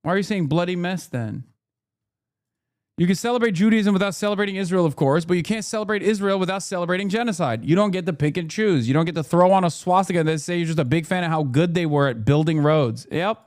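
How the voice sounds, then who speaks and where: Dude streaming reaction vids, higher voice than most guys, swearing a lot, heated and sarcastic. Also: male voice, quick pace, darkish tone. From United States. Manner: heated, profane, sarcastic ranting. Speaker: livestreamer reacting to news clips. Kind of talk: live reaction commentary.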